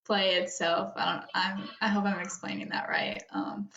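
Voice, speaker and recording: A young woman speaking as a guest in a heartfelt chat, her voice close to tears and full of fillers and soft laughs. The room rings with echo, and the sound is dull and lo-fi. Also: mid-range voice, little pitch movement, normal speed, in a whisper. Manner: rambling with many fillers, tearful laughs. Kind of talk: emotional personal conversation.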